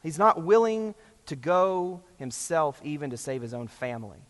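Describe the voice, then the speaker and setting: Pastor preaching hard, loud then hushed, high voice, echoey church. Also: male voice, big pitch swings, normal speed. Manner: passionate, emphatic, swings between loud and hushed. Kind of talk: sermon.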